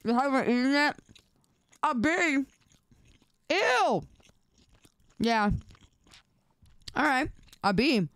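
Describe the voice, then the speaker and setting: Slow-talking playful woman streamer. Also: high voice, big pitch swings, fairly bright tone, no room sound. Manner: playful, teasing chat while eating. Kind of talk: casual live-stream chat.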